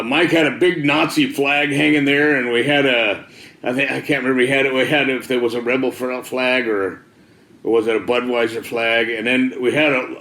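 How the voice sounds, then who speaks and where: A man telling his own story in a loose, rambling way, dropping "dude" and "man" as he goes. His voice sits at an ordinary middle pitch. The room around him adds a noticeable echo. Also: a bit bright. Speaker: speaker giving a personal testimony. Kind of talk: casual storytelling testimony. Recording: roomy echo.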